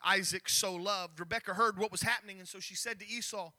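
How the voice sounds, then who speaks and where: Man preaching, very high voice, very bright sharp tone, storytelling sermon. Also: brisk. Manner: storytelling, animated, with repeated restarts.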